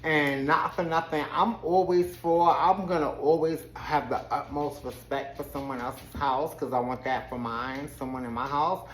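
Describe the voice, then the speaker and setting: A woman's voice: deep voice, normal speed, hardly any pauses, echoey room, a little hiss or hum, rough recording. A woman giving a casual, sassy recap of a reality TV episode with her own commentary, laughing often as she tells it. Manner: sassy, expressive storyteller who laughs often.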